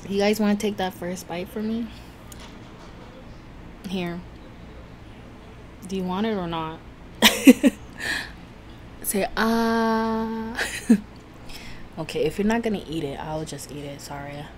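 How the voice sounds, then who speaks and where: A woman's voice: fairly low pitch, a little mellow, a little hiss or hum. A woman hosting a casual eating vlog, chatty and laughing often, tripping over her words a little. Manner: chatty, laughs often, self-conscious about talking fast. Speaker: food vlogger host. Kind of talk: casual mukbang chat.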